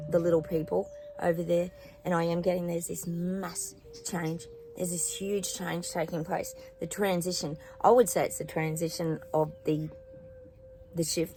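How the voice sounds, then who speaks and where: A woman's voice: on the low side, noisy background. A woman hosting a psychic channel, chatting casually to her viewers with fillers and rambling asides. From New Zealand. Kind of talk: casual spoken predictions to viewers. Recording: music playing behind.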